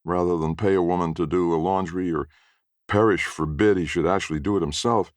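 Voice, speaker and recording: Very deep-voiced male storyteller. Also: steady tone, fairly quick, dry recording, clean studio sound. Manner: wry, folksy narration. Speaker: story reader. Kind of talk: storytelling narration.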